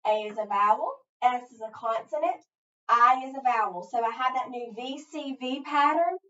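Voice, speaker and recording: A woman's voice: high-pitched, moderate pace, sharp tone. Patient woman teacher, echoey distant room. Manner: patient, prompts listeners to finish her sentences; thinks aloud step by step. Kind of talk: phonics lesson. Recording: echoey, distant, dull sound.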